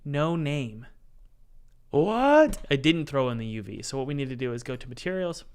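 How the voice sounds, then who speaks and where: Guy streaming game dev, smooth clear voice, jokey, talks to chat while he works. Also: mid-range voice, fast. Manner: playful, jokey, chats directly with the live chat; talks himself through software steps aloud. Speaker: indie game developer and streamer.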